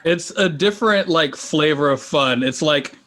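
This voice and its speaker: A man's voice: on the high side, measured pace, pushed and bright. A man talking casually as a podcast guest about running and playing tabletop games, rambling with many fillers and restarts. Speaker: guest, tabletop game player and game master.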